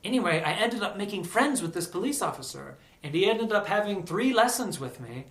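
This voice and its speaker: A man telling a personal story in a casual, animated vlog, peppered with "like". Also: sits high, fairly quick, echoey room. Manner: animated, chatty, lots of "like".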